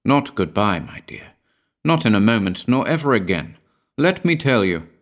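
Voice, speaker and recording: A man's voice: on the low side, very animated, normal speed, voice pushed up. A man voicing an earnest young man in a ghost story. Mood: tender. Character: young man, a lovesick killer, eager.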